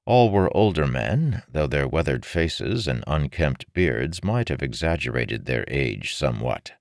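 A man with an extremely deep, low voice reads a fantasy novel aloud in a measured, expressive way. His intonation is lively despite the low register. The recording is dry and close, with no room sound. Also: vocal fry, no echo. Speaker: audiobook narrator. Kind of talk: scripted fantasy novel narration.

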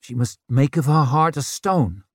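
A man voicing a hard young woman leader who speaks softly, then snaps. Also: mid-range voice, animated, unhurried, dry recording, studio quality, pitched above the performer's own voice. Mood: strained, defensive. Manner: soft then snapping.

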